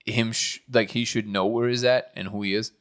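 A man's voice: on the low side, fairly even intonation, a bit bright. Opinionated man cutting in on a podcast. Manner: opinionated, cuts in with quick questions. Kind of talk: casual conversation.

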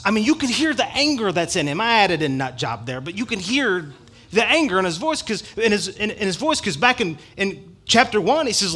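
A man preaching a sermon to his church, emphatic and swinging between loud passages and hushed asides, quoting scripture and joking with the congregation. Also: on the high side, expressive, fairly quick. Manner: quotes scripture with rising passion, jokes with the congregation. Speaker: pastor.

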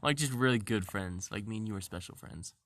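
A man's voice: lowish voice, fairly quick, a bit bright, no echo, clean studio sound. A young man in goofy, playful casual chat who laughs a lot. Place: blanket fort.

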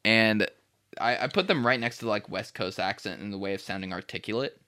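A man's voice: fairly low pitch, fairly quick, sharp tone, clean tone. A man co-hosting a podcast, trading crude jokes casually, laughing often and swearing freely. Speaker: podcast co-host.

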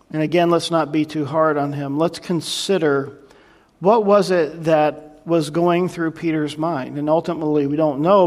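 This pastor's voice is a little high with a darkish tone. He works through a sermon verse by verse, conversational and reflective, often turning aside to address the congregation.

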